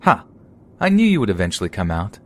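A creepy, obsessive young woman, as a male narrator puts her on, her voice pitched up high and sharp with unsettling sing-song menace. She taunts and threatens in a storybook horror tale, lurching between glee and baby talk. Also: wildly swooping pitch, a little fast, heavily acted. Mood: taunting. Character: obsessive unhinged young woman college student.

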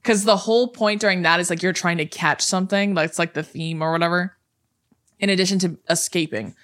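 A podcast co-host chatting and telling a story in a loose, rambling way, full of fillers and casual swearing. The voice is bright and forward. The pitch sits in the middle of the range. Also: steady tone, fairly quick.

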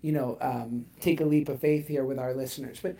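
A man in his thirties co-hosting a casual podcast, telling animated stories and laughing as he goes. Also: medium pitch, fairly quick, creaky. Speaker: podcast co-host. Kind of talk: casual chat, storytelling.

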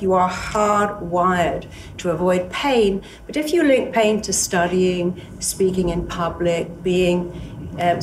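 A woman's voice: lowish voice, darkish tone. Female therapist, earnest motivational speaker who acts out dialogue, recorded from a distance with faint noise. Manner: earnest, emphatic, repeats key phrases; acts out inner voices and dialogue. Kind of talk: motivational talk.

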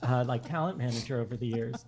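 A man's voice: medium pitch, a little mellow, a little hiss or hum. A man guesting on a podcast, telling personal stories with enthusiasm and frequent laughter. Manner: enthusiastic anecdotes, quick, laughing. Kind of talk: storytelling in a casual interview.

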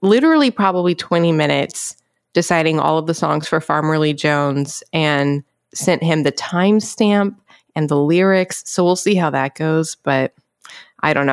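A woman's voice: low voice, expressive, measured pace, pauses often, no echo, clean studio sound. A woman co-hosting a podcast in casual chat, talking chattily with frequent giggles and filler words. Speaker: podcast co-host.

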